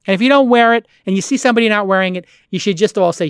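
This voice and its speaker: A man's voice: sits high, quick pace, few pauses, smooth, no echo, studio quality. A middle-aged American man on a podcast, ranting in a heated, profane, emphatic way. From United States. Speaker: podcast guest.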